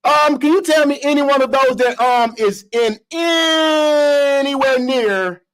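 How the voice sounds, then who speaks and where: A smug relationship-guru type, as a man puts him on, lecturing women in a calm, superior drawl. it comes out lower and quieter than the man's own high voice, slow and measured, with only now and then a sudden jump upward. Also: full character voice, rough recording. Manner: calm, condescending, mock-serious lecturing. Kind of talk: comedic impression.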